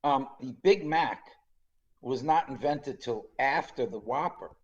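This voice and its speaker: A man in his sixties co-hosting a podcast, telling stories in a lively, chatty way and laughing often. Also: medium pitch, measured pace, dull audio. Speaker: podcast co-host. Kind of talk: casual chat.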